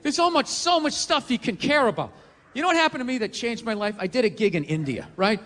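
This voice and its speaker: A man's voice: very high-pitched, big pitch swings, fast talker, long reverb tail. Ranting man doing stand-up comedy. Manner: ranting, profane, shouting punchlines.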